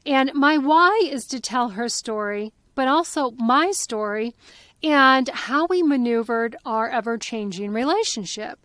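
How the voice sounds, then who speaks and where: A woman's voice: fairly high pitch, lively intonation, a little slow, a bit bright, no room sound. A woman in her forties hosting a podcast in a casual, candid solo talk, laughing often and swearing lightly. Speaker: podcast host.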